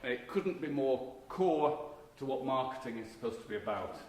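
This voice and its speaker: A man's voice: mid-range voice, expressive, normal speed, darkish tone. Middle-aged man lecturing in an echoey hall. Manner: conversational, emphatic lecturing with frequent restarts. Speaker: keynote speaker, marketing professor. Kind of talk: conference lecture. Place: conference hall. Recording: echoey hall recording with faint background noise.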